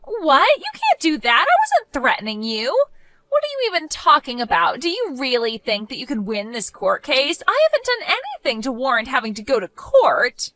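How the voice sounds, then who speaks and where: A woman doing a shrill, entitled young woman who swings wildly up and down in pitch and keeps her voice piercingly bright. She whines and protests, sure she has done nothing wrong. It is a dry, close recording with no room sound. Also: huge pitch swings, moderate pace, no room sound, full character voice. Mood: panicked. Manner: shrill, indignant and whiny. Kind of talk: scripted story voice acting.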